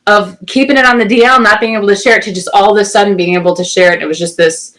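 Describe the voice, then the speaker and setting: An enthusiastic woman talks through a long wait with lively, animated storytelling in a casual interview. Her voice sits at a middle pitch, plain and natural. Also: very fast, low-quality recording. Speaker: producer guest.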